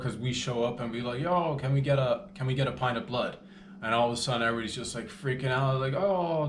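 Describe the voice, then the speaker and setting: A man's voice: mid-range voice, close to an everyday voice. A man playing a laid-back slangy vampire. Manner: slangy, rambling, calls everyone baby. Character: laid-back modern male vampire selling blood. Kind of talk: improvised comedy monologue. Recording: echoey room with faint background hum.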